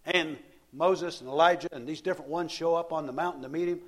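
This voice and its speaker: Storytelling preacher with a raised voice. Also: male voice, fairly high pitch, steady tone, fast talker. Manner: storytelling, repeats words and restarts phrases. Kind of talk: sermon.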